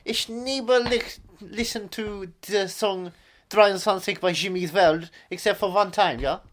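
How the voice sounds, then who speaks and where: A goofy, boastful German, put on by a man in a thick fake accent and broken half-German. The voice sits higher than his normal talk and swings widely in pitch. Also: huge pitch swings, moderate pace, fairly bright tone, heavily acted. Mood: mock-serious.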